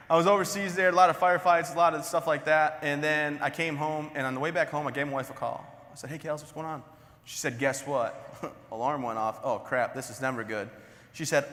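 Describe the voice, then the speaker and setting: With a slightly high, bright and forceful voice, a young keynote speaker works through funny stories on stage in a large hall. He jokes, pokes fun at himself and laughs at his own lines, all captured with hall reverb.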